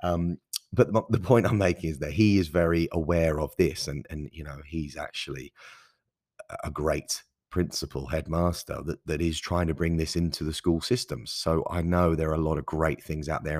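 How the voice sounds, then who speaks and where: A man in his thirties with a very deep, husky voice, recorded dry on a close mic. He hosts a solo podcast and talks in an earnest, easygoing, enthusiastic way. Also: fairly even intonation, moderate pace, no echo. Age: 30s. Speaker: podcast host.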